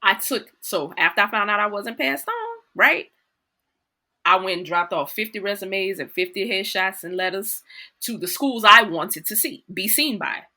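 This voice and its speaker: A woman's voice: mid-range voice, lively intonation, moderate pace, sharp tone. A middle-aged woman with a New Orleans accent, telling stories as a guest in a casual interview, acting out quotes and laughing often. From New Orleans, USA. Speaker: guest actor.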